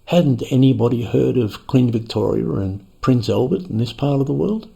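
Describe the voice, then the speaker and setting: A man's voice: mid-range voice, normal speed, gravelly, dark tone, husky. A man reading a short story aloud in a wry, playful, dry manner. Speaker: narrator. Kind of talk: scripted storytelling.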